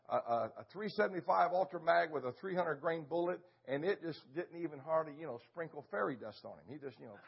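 Husky high-voiced older pastor telling a story. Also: male voice, lo-fi sound. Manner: animated storyteller with sound effects. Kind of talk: storytelling sermon.

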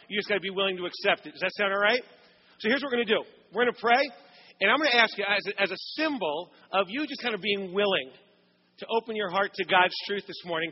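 High-voiced pastor in a reverberant hall. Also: male voice, lo-fi sound. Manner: animated storytelling, acts out quoted voices. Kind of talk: sermon with storytelling. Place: church sanctuary.

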